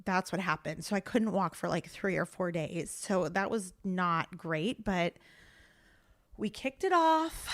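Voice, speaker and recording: Chatty pregnant woman talking candidly. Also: mid-range voice. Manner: chatty, candid, lots of "like" fillers. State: pregnant, a bit out of breath. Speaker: podcast host. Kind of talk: casual solo chat.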